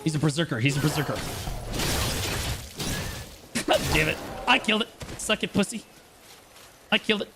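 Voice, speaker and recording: A man streaming an online game, commenting live and swinging between shouted trash talk and low muttering. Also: animated, a little slow, pauses often, music in the background.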